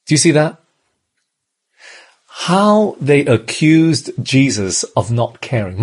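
Husky-voiced preacher from Australia. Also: male voice, medium pitch, big pitch swings, slow pace, pauses often. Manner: conversational, asks the listeners questions. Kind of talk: sermon.

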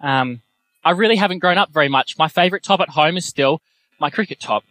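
A young man preaching a sermon, telling self-deprecating personal stories in a lively way. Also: a little high, brisk, dry recording.

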